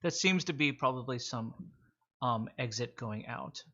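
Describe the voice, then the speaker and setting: A man narrating a tabletop game as game master, relaxed and joking. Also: medium pitch, measured pace. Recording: dull lo-fi audio.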